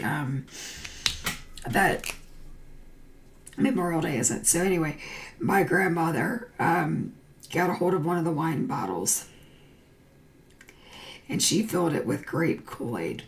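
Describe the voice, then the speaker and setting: Middle-aged woman host, lively and rambling, coloring alone at her computer. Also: deep voice, unhurried, gravelly, long pauses, slight background noise. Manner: rambling storytelling with tangents. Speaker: crafting livestream host. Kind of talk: casual chat while coloring.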